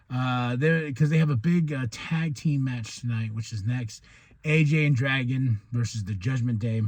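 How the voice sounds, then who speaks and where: A man from New Mexico hosting a podcast, excitedly recapping a wrestling show, laughing often and acting out what the wrestlers said. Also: medium pitch, moderate pace, dry recording. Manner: excitable, laughs often, acts out quoted lines. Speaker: podcast host.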